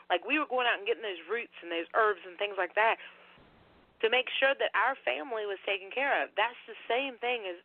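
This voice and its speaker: A woman's voice: mid-range voice, no room sound. A woman guest talking in a casual, rambling and earnest way, full of fillers. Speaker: guest, paranormal researcher. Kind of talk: casual podcast conversation. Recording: tinny phone-like line.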